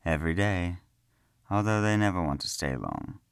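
A man doing a soft, serene trapped young man. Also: deep voice, animated, normal speed, clean tone, dry recording, clean studio sound. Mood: calm. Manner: soft, pleasant and reassuring. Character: young man trapped in a floor, calm, smiling, cryptic. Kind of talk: storybook character reading.

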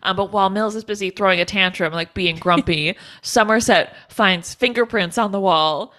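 A woman's voice: medium pitch, normal speed, bright, forceful tone. A young woman co-hosting a podcast, recapping a film in playful, slangy casual chat with frequent giggles. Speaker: podcast co-host.

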